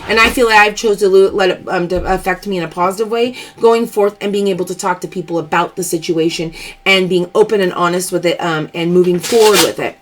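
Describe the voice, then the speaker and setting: A woman's voice: lowish voice, fast. A woman hosting a live stream, chatting openly and emphatically as she answers viewer comments. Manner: chatty and emphatic, open about personal matters.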